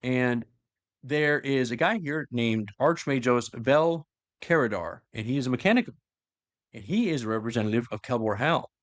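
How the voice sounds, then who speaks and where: A man's voice: mid-range voice, lively intonation, moderate pace, dry recording, clean studio sound. A man casually retelling a story in a loose, rambling way with many fillers. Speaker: lore explainer. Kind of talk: casual lore chat.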